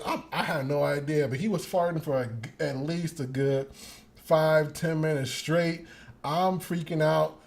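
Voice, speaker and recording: A young man hosting a show, telling a story in a casual monologue. He is animated and profane, laughs often, and acts out the quotes. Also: a little high, measured pace, creaky. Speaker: podcast host.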